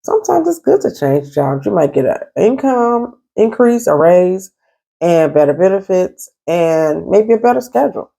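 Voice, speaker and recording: Woman, therapist vlogging from her apartment, stern and emphatic, gravelly, husky. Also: fairly low pitch, sing-song, normal speed, dark tone. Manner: stern, emphatic, talks straight to the viewer. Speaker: therapist and life coach. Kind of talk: casual advice vlog. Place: at home in an apartment.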